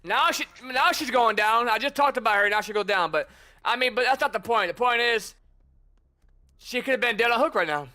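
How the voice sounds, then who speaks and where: Male streamer, very high and piercing voice, chatty and teasing in casual gameplay commentary. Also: a little fast, sharp tone. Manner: chatty, teasing taunts at opponents. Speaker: gamer streamer.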